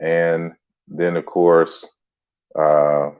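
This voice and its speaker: Deep-voiced man hosting a home livestream. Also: drawn-out words, clean tone, muffled recording. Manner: relaxed, chatty, greets viewers by name. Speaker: livestream host and author. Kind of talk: casual livestream lecture. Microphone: computer mic on a stand.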